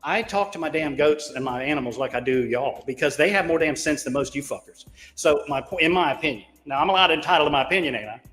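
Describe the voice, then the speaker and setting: A man with a fairly high voice, telling stories in a loose, folksy way. He swears freely and pokes fun at himself. The voice trails off into a long reverb. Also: animated, fast, hardly any pauses, a bit bright, soft background music. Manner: profane, folksy and self-mocking. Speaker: caller on a crypto talk show. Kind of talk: casual rambling storytelling.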